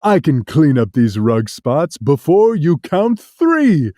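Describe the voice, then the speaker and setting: A storyteller doing a cocky, chuckling storybook cat in a tall hat. the voice drops low and swoops around a lot as he brags, slow and unhurried, close and dry with no room sound. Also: very animated, dark tone, no room sound. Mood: mischievous. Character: mischievous grown tomcat in a hat, boastful. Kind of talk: storybook read-aloud.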